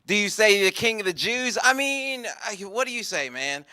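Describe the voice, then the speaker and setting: A man playing a grown man who grumbles, shouts and gives in reluctantly, in a stand-up bit. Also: sits high, big pitch swings, moderate pace, clear, resonant tone, dry recording, clean studio sound, voice pushed up, exaggerated voice. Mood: exasperated. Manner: loud, grumbling, resigned. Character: exasperated grown man, going along reluctantly.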